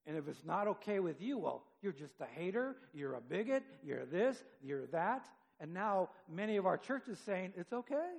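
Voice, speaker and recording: A man delivers a sermon in a high, gravelly voice, reading scripture and then talking it over with his listeners. His delivery stays conversational but rises in force when he drives a point home. The sound carries a long reverb, as though captured in a large church sanctuary. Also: big pitch swings, normal speed, few pauses. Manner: conversational, reads scripture aloud, rises for emphasis. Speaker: preacher.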